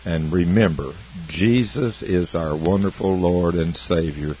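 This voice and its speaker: A man with a very deep voice closes the program and reads out contact details in a steady, measured way. The audio is dull, with a soft hiss. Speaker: program host. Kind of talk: broadcast sign-off announcement.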